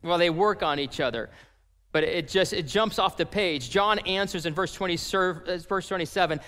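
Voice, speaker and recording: A man preaching a sermon as pastor, animated and acting out the voices of people in his story. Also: sits high, moderate pace, in a large hall.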